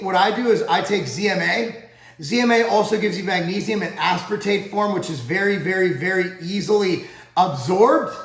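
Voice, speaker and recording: A man's voice: sits high, echoey room, low-quality recording. A man who owns a supplement company, talking straight to camera in a heated, profane rant. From United States. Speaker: supplement company owner and channel host.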